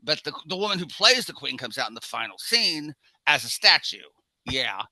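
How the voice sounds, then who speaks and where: A man in his seventies, co-hosting a casual film podcast and telling animated anecdotes. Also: fairly high pitch, normal speed, dry recording, poor audio. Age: 70s. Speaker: podcast co-host.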